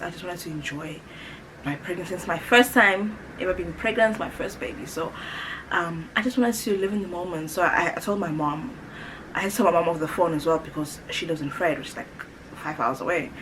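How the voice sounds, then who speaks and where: A heavily pregnant South African YouTuber in her late twenties chats animatedly to camera, laughing often and acting out quotes as she tells a casual story. Her voice is on the low side, and the rough recording has a little hiss or hum.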